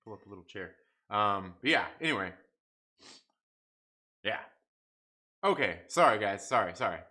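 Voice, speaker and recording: A young man hosting a casual livestream review, excitable, repeating himself and swearing often. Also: lowish voice, normal speed. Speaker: YouTube show host reviewing TV episodes.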